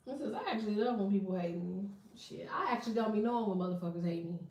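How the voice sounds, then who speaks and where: A woman's voice: medium pitch, quick pace, a little mellow. A woman giving a casual tarot reading, blunt and profane, breaking into laughing asides. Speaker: tarot reader. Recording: echoey room, distant from mic.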